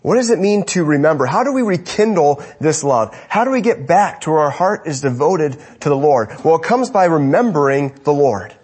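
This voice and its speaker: Husky, animated male preacher. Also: a little high, moderate pace, few pauses. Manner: emphatic, drops to a hush for stress. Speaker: pastor. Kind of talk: sermon.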